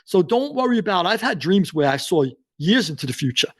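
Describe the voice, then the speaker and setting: A man, a guest author telling stories in an interview and acting out the dialogue. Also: sits high. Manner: acts out dialogue in quotes, fast and excited. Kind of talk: animated storytelling interview.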